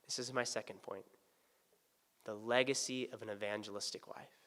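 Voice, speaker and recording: A man's voice: fairly low pitch, steady tone, moderate pace. Male pastor preaching in a reverberant church. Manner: swings from hushed to loud, pleading emphasis. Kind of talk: sermon. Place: church sanctuary. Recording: church sanctuary with long reverb.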